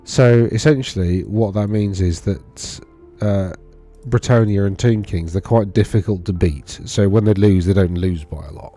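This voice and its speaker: A wargaming video host, his voice on the low side and mellow, moves at a moderate pace with hardly any pauses as he casually talks through tournament data on screen. He rambles and corrects himself while thinking aloud, over soft background music.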